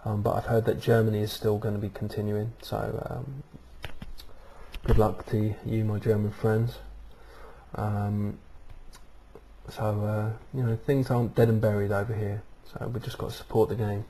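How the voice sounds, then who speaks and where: A man's voice: on the low side, flat delivery, moderate pace, dark tone, slight background noise. A man hosting his own video blog, talking casually to a webcam and rambling with lots of "um"s and "uh"s. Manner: rambling, many ums and uhs. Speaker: vlog host. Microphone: webcam microphone.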